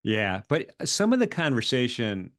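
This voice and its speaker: A man's voice: mid-range voice, very animated, unhurried, dry recording. A man hosting a casual trading chat, talking hesitantly with many restarts. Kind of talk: casual market discussion.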